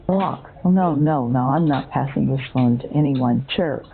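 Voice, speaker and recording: A scam-baiting bot speaks in a synthetic female voice, very deep and measured, over a tinny phone line. She plays a dotty old woman who's convinced she's a parakeet, sweetly befuddled and bursting into squawks and chirps.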